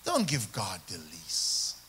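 A man with a Jamaican accent preaching a sermon as pastor, calling for responses from the congregation and swinging between loud emphasis and quiet asides. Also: sits low, wildly swooping pitch, slow, a little hiss or hum. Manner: call-and-response preaching, rising and falling emphasis.

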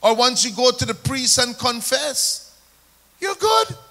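Brief: Jamaican-accented male preacher, high pitch, bright and punchy, leads the room in call-and-response. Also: flat delivery, a little slow, creaky. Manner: call-and-response preaching, rising and falling emphasis. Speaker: pastor. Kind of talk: sermon.

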